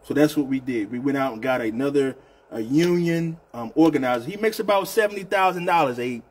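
A man's voice: medium pitch, animated, fairly quick, breathy edge. A man with a Southern US accent hosting a casual union live show, talking loosely and repeating himself, often calling people "man". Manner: loose, repetitive, chatty, says "man" often. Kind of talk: casual live-stream talk.

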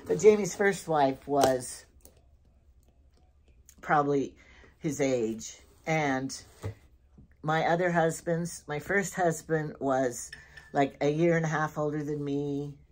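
A middle-aged woman with a notably low voice talks through her shopping haul in a loose, chatty way. She drifts from one story to the next and loses her thread along the way. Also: darkish tone, a little hiss or hum. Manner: rambling, digressive storytelling. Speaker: lifestyle vlogger. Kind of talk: casual shopping haul chat.

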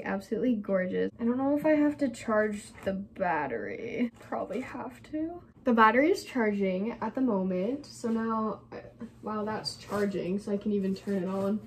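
A woman's voice: on the high side, a little mellow, slight background noise. Giddy young woman vlogging at home. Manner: giddy, gushing, giggly. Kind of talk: casual vlog chat. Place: home room at night. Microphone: phone camera.

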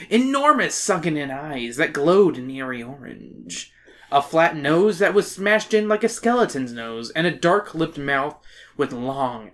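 A woman hosting a casual podcast, recapping a children's horror book with jokes and swearing. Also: sits low. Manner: animated, swearing, joking recap. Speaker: podcast host. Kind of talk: casual chat, summarizing a book.

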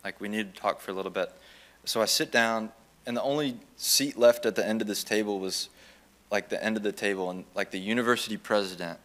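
Young man with a bright, forceful voice. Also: on the low side, fairly quick. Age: young adult. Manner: animated, acts out quoted dialogue. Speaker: student giving testimony. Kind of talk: chapel testimony storytelling.

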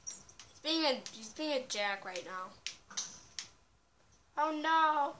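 Excitable woman yelling over gameplay. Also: high-pitched, takes it slowly, long pauses, slight background noise. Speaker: gameplay commentator. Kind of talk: casual gameplay commentary.

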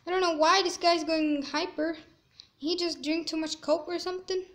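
A woman giving chatty gameplay commentary, squeamish and quick to exclaim in disgust. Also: very high voice, fairly even intonation. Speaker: gaming video creator.

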